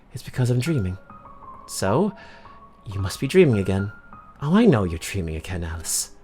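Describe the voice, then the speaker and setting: A man's voice: mid-range voice, a little mellow, lightly acted. A man voicing Alice, a young woman, with a put-on British accent, talking to herself as he reads game text in character. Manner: mock-British, talks to herself.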